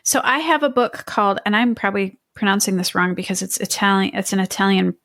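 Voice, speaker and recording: A woman's voice: mid-range voice, quick pace, fairly bright tone, dry recording, clean studio sound. Chatty, enthusiastic woman co-hosting a podcast. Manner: chatty, enthusiastic, self-deprecating. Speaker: podcast co-host. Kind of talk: casual chat.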